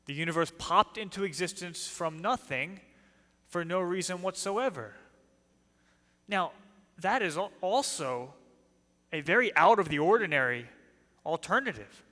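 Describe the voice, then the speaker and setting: A man's voice: high-pitched, sharp tone. A man with a New Jersey accent giving an emphatic apologetics talk in a church, putting rhetorical questions to the audience. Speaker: speaker. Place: church hall. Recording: long reverb of a church hall.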